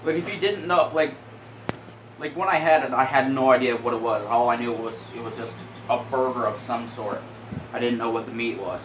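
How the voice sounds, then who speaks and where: A man's voice: medium pitch, a little fast, reverberant, lo-fi sound, noisy background. A young man hosting, giving casual, crude and rambling commentary with a joking manner. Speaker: host.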